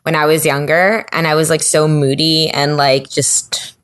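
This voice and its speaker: A relaxed woman hosting a podcast conversation, reflective and quick to laugh. Her voice sits on the lower side for a woman. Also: smooth. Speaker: podcast host. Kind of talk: casual interview chat.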